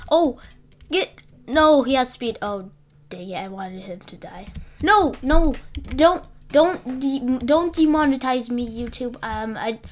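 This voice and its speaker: Young female gamer, high-pitched and slow-talking, rambly flustered live commentary with faint keyboard clicks. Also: a little hiss or hum. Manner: rambling, flustered, breaks off mid-sentence often. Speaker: gaming YouTuber.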